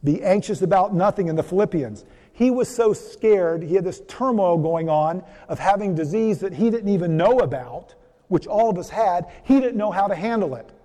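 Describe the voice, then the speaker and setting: High-voiced man speaking in a reverberant hall. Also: expressive, moderate pace, warm tone. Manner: folksy, repetitive, asks the audience questions. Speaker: physician giving a church health seminar. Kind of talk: conversational seminar talk with storytelling.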